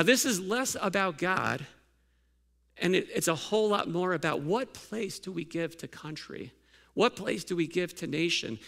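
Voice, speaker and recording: A man's voice: high-pitched, gravelly, a bit bright. A male pastor giving a sermon in a conversational way, asking the congregation many questions and restarting his sentences.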